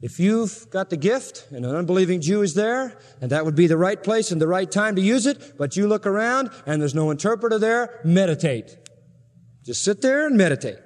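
A man's voice: high voice, big pitch swings, normal speed. A man preaching a sermon with emphasis and rhetorical questions, in a large church hall. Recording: long hall reverb.

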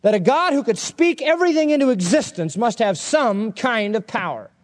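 Brief: male preacher, high-pitched, animated and emphatic, chatty sermon delivery. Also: moderate pace. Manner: animated, emphatic, conversational storytelling. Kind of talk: expository sermon.

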